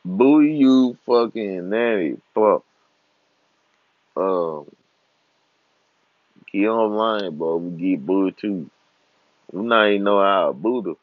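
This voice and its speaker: Slow trash-talking young man, lo-fi. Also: sits low, no room sound. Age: 20s. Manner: trash-talking, laughing, swearing freely. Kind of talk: casual profane rant. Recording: dull lo-fi recording.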